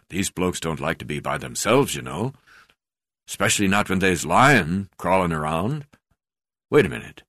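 A man voicing a brash, hard-drinking, portly older male magistrate who talks in a croaking, blustering way. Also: sits low, a bit bright, no echo, clean studio sound, exaggerated voice. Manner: blustering, swearing, boisterous.

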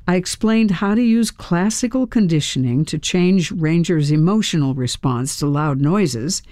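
A woman's voice: fairly low pitch, animated, a little slow, dark tone, dry recording, studio quality. A woman narrating a first-person audiobook with a wry, dryly humorous manner.

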